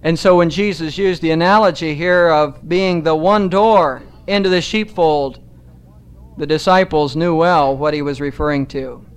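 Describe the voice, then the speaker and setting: A man preaching a sermon in a measured, emphatic way, slowing down to stress key phrases. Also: on the high side, clear, resonant tone.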